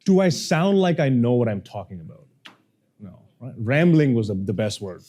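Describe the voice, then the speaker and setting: A man, a public speaking coach, teaching a workshop to a live audience, energetic and playful, often quizzing the room. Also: medium pitch, normal speed.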